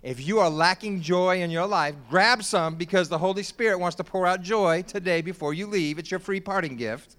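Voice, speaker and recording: Male pastor, high smooth voice, animated joking sermon that climbs to shouts. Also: moderate pace, few pauses. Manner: lively, joking preaching that rises to shouts.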